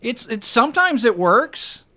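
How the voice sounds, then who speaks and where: A man co-hosting a podcast, chatting casually in an animated, argumentative way. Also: very high-pitched, a crowd in the background. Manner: animated, argumentative, quick to laugh. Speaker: podcast co-host. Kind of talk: casual chat.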